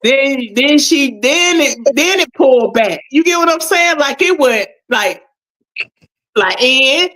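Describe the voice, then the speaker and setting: Animated woman co-hosting a livestream. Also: slow. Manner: animated, swears, exclaims in a high voice. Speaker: livestream co-host. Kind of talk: casual livestream chat.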